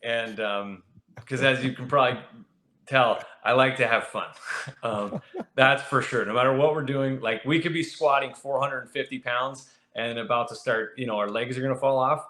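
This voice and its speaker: A young man telling a story as a podcast guest, animated and jumping into high voices when he acts out his friends. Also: normal speed. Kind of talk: casual storytelling. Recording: echoey room.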